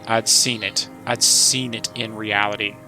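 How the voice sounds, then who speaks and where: A man voicing a frail, bitter old soldier in his sixties, delivering a grim, haunted monologue in a flat voice. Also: on the low side, a little slow, soft background music, poor audio. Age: 60s.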